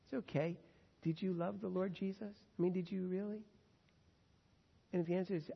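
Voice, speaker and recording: A man preaching a sermon in an earnest way, swinging between loud emphasis and hushed tones. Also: sits high, lively intonation, brisk, vocal fry, husky. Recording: dull sound with long hall reverb.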